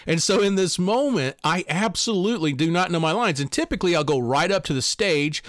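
A man with a fairly high voice tells a personal story as a coach, his pitch swinging widely and leaping up on the words he stresses. The recording is close and dry, with no room sound. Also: a little fast, dry recording. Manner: animated and emphatic, pitch leaps on key words. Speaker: life coach.

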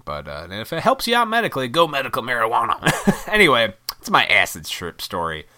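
A man's voice: mid-range voice, huge pitch swings, brisk, pushed and bright. A man casually telling a rambling personal story with lots of swearing, and often laughing at himself. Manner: rambling, profane, laughs at his own story.

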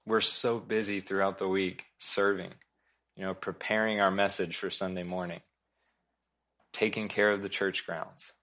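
Earnest low-voiced male pastor preaching. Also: flat delivery, moderate pace, pushed and bright. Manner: earnest, emphatic, repeats key points. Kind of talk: sermon.

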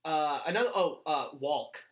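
A man's voice: a little high, lively intonation, moderate pace. Sweary laughing man from Georgia. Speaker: podcast co-host. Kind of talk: casual chat.

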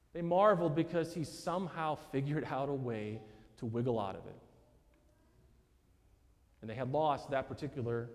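A man's voice: a little high, big-room sound. A male pastor preaching a sermon in a church, explaining a gospel text in a conversational way and talking to his listeners directly as "guys". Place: church sanctuary.

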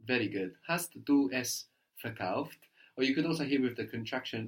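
Guy teaching a language, patient, keeps asking then repeating the answers slow. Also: medium pitch, expressive. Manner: patient, prompting questions, repeats answers slowly. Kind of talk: guided language lesson.

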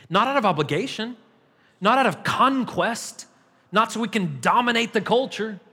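A man's voice: sits high, fairly bright tone. A man pastor preaching a sermon in a church, emphatic and repetitive, building in intensity. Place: church sanctuary. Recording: long hall reverb.

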